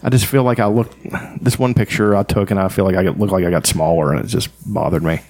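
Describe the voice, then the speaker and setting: A man's voice: low-pitched, quick pace. Blunt, profane man. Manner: blunt, profane, animated storytelling. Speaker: podcast co-host. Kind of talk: casual chat.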